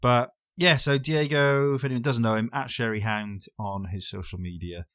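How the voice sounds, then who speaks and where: In a clean, dry studio recording, a man co-hosts a podcast, chatting casually and getting amused easily. His medium-pitched voice has a fairly bright tone, fairly even intonation, and a moderate pace.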